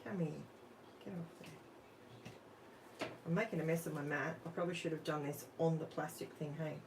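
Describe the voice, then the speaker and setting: Streaming live from her home craft room, this Australian woman talks quickly in a low, steady voice. She chats casually, thinks aloud while working and puts questions to her viewers. The mic is some distance away, picking up faint room noise.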